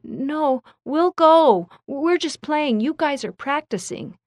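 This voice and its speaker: A woman's voice: sits high, lively intonation, slow, no room sound, pitched above the performer's own voice. A woman voicing a timid young boy, a little brother, in a storybook reading, sounding small and earnest.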